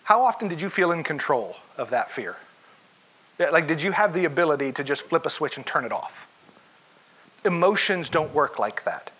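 A man preaching a sermon as pastor, telling a story with animated energy and putting questions straight to his congregation. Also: a little high, normal speed, breathy edge.

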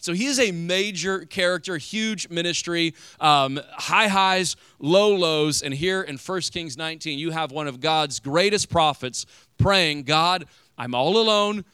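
A man's voice: on the high side, a little slow, bright, forceful tone, smooth, no room sound. A man preaching a sermon to a congregation in a conversational way, asking them questions as he retells a Bible story. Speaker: pastor.

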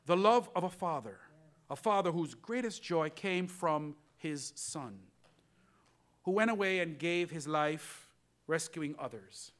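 Male pastor, lively sermon storyteller, bright and forceful tone, pitch a bit high. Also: unhurried. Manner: animated storytelling, addresses congregation.

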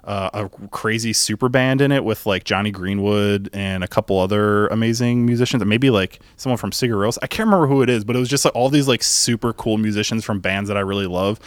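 A man's voice: on the low side, fast, few pauses, no echo. A man hosting a podcast, chatting casually, laughing often and swearing now and then. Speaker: podcast host. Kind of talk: casual chat.

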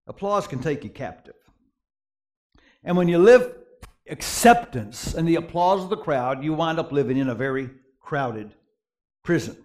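A middle-aged pastor delivers a sermon, his voice riding high and lively. He swings from quiet, low asides up to excited peaks as he tells his stories. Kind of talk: sermon with storytelling.

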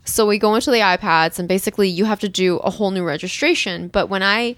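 Woman, young adult, casual storytelling, animated quotes, laughs, dry sound. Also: fast talker, no room sound. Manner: animated, acts out quotes with rising pitch and laughs. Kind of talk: casual chat.

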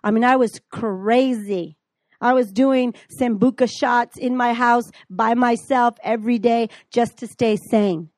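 A middle-aged woman teaching the Bible, telling her own story in a lively way and acting out the dialogue. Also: a little high, measured pace, no room sound. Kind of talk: teaching with personal testimony. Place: classroom.

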